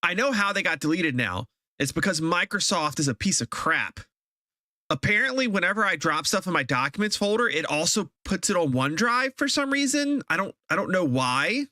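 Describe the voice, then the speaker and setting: A man's voice: high voice, sing-song, moderate pace, pushed and bright, no room sound, clean studio sound. A man live-streaming a game, chatting casually with viewers and ranting in exasperation, often repeating himself.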